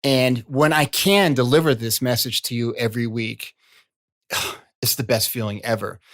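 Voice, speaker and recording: A man's voice: mid-range voice, measured pace, fairly bright tone. A man hosting his own podcast as a coach, talking in a chatty, folksy way with repeated asides. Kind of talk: casual solo podcast talk.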